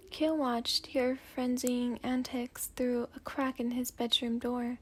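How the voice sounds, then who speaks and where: A woman reading second-person fanfiction in a slow, hushed, sleepy storytelling voice, at times dropping to a whisper. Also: high-pitched. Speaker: fanfiction reader.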